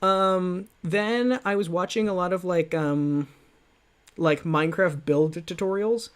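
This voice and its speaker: A man streaming live who keeps circling back on his own words, full of fillers and self-mockery. His voice sits fairly high for a man. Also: slow, clean tone. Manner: rambling, self-mocking, restarts and fillers. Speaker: streamer reacting to his old videos. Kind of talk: livestream commentary.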